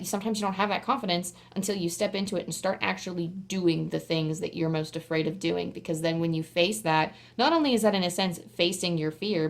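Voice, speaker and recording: A woman giving a casual pick-a-card tarot reading straight to camera, talking in a chatty, rambling way full of "like" fillers and sometimes bursting into excited squeals. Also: fairly low pitch, gravelly.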